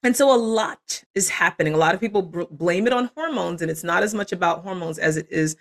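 A woman in her forties, a parenting coach talking as a podcast guest, animated and quick to laugh. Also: fairly low pitch. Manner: animated, laughs often, acts out quoted parents and kids. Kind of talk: casual interview conversation.

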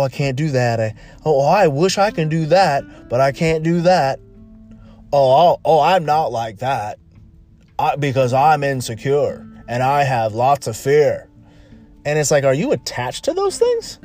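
This podcast host's voice is a little high with a darkish tone. He rambles through a casual motivational talk, leaning on emphasis, repeating himself and starting sentences over.

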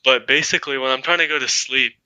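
A man's voice: medium pitch, fairly even intonation, fast, pushed and bright, smooth, dry recording, rough recording. A young man in casual podcast chat, starting a story with hesitation. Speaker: podcast co-host.

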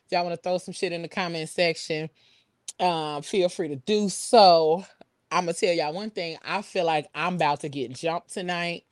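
A woman co-hosting a casual online talk show, telling a story with lively, slang-heavy banter and laughter. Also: on the low side, normal speed, no room sound, studio quality. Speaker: podcast co-host.

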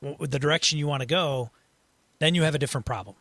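A man's voice: on the high side, fast, vocal fry, fairly bright tone, dry recording. A man hosting a tabletop gaming podcast, chatting casually and reading out listener questions. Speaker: podcast host. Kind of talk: casual chat.

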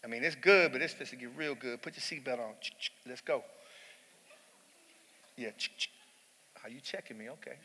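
A man's voice: medium pitch, moderate pace, pauses often, bright, forceful tone, big-room sound. A middle-aged man preaching a sermon in church, telling a personal story in a conversational way and rising to emphatic peaks.

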